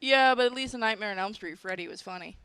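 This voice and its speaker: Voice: mid-range voice, fast talker, pushed and bright, smooth, dry recording. A host chatting casually, eager and playful, laughing often. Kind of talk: casual chat.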